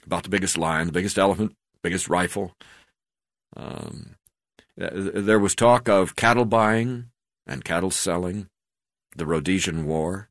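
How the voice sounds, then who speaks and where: A man reading his memoir aloud, in a halting way with frequent hesitations. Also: sits low, dry recording, clean studio sound. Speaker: memoir narrator.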